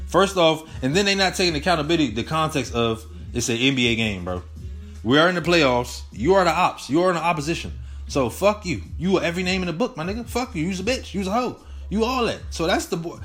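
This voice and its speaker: Young male host, fiery profane slang-heavy rant, slightly high voice, soft music under. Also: animated, brisk. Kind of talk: casual solo commentary.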